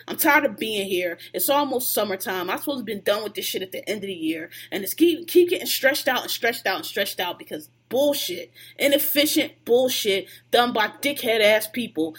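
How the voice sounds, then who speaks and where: A woman's voice: medium pitch, fairly bright tone, husky. A woman on a podcast venting at length in a heated, profane, casual rant.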